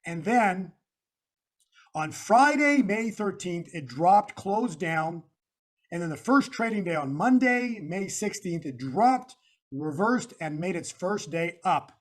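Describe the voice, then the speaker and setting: A man's voice: high voice, expressive, takes it slowly. A man being interviewed, walking through slides in an emphatic, repetitive, preacher-like way. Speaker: guest analyst.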